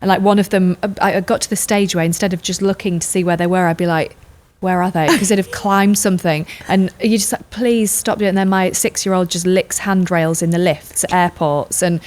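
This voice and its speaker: A woman's voice: lowish voice, fairly even intonation, brisk, few pauses, darkish tone. A woman, telling stories in a casual chat and acting out what people said. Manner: chatty storyteller, acts out quotes. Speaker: podcast co-host or guest.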